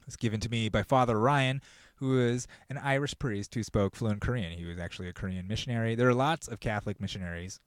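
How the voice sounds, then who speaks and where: A man hosting a podcast with a profane, riffing comedic rant that builds to loud mock outrage. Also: fairly low pitch, no room sound, clean studio sound. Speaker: podcast host.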